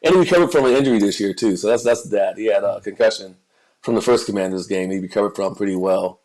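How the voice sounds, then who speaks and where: A man's voice: on the low side, quick pace, a little mellow, poor audio. A man co-hosting a podcast, chatting casually about football and celebrity news, often repeating words as he searches for what to say. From United States. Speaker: podcast co-host. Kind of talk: casual chat.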